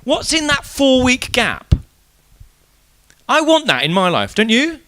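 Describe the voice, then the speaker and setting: Preaching at an evening church service, this man has a very high-pitched voice and an unhurried delivery. He keeps things casual and chatty, narrating the story with energy and performing each quoted voice.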